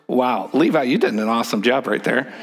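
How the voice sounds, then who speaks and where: A man's voice: medium pitch, fairly quick, gravelly, heavy background noise. A male pastor preaching a sermon in a church, speaking in a conversational, joking way, leading the congregation in call-and-response and often repeating words as he restarts.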